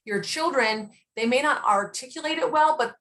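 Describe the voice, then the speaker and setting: A woman's voice: high voice, normal speed, slight background noise. A middle-aged woman in casual conversation, telling stories about raising her children and acting out the lines of the people in them. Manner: animated storyteller who acts out quotes. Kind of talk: casual chat.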